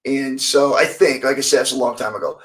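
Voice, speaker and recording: A man's voice: medium pitch, brisk, poor audio. A middle-aged man, a former fighter, telling stories in a casual interview and acting out the quoted lines of the people in them. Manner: animated storyteller acting out quoted dialogue, many restarts.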